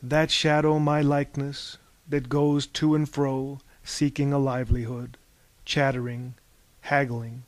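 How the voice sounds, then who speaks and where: A man voicing a solemn, bookish male philosopher reading verse softly and reflectively. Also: medium pitch, level tone, measured pace, no echo, lightly acted.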